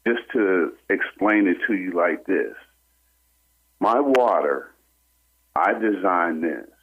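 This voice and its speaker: A man on a telephone call tells his story with animation, slipping into the voices of the people involved. His voice sits low and sounds husky. It comes through a thin, tinny phone line. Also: slow. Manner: animated storyteller who acts out what others said. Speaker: caller. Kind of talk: telling a personal story on a call-in radio show. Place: on a phone call into a radio show.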